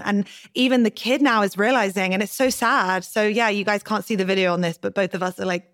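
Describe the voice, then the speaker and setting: A woman's voice: mid-range voice, brisk, hardly any pauses, fairly bright tone, no echo, studio quality. A woman co-hosting a podcast, thoughtful and joking by turns as she shares personal stories. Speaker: podcast co-host. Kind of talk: casual podcast chat.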